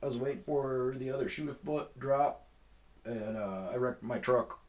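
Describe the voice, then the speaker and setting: A man's voice: medium pitch, moderate pace, a little mellow. A man hosting a podcast, telling a long personal story in a rambling, profane way with lots of fillers. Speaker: podcast host. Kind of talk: casual storytelling.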